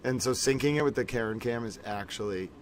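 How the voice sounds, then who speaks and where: A man with a mid-range voice hosts a casual livestream, talking a little fast and chatting with his viewers in a playful, theatrical way. He keeps calling them ladies and gentlemen. There's a little hiss or hum in the audio.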